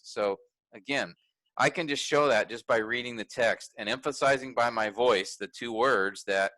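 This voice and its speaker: A man's voice: mid-range voice, pushed and bright, dry recording, poor audio. A man teaching a graduate workshop in a conversational way, thinking aloud with restarts and fillers.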